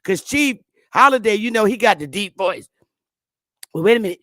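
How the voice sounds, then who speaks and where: A woman hosting her own channel, chatting to viewers in a loose, profane way, laughing often and stammering when she gets excited. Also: mid-range voice, normal speed, no room sound, clean studio sound. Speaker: channel host. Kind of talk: casual commentary to viewers.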